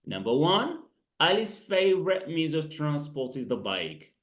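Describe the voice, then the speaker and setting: A male English tutor leads a lesson over a video call. His voice sits a little high, and he keeps praising the student while fixing how words are said. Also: big pitch swings, unhurried, a bit bright. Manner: encouraging, corrects pronunciation, mixes in French and Darija. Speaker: English teacher.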